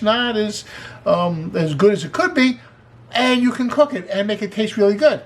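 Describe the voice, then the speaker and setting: This man hosts a cooking show, giving a casual kitchen demonstration in a high voice at a slightly fast clip. Enthusiastic and talkative, he slips in jokes as he goes.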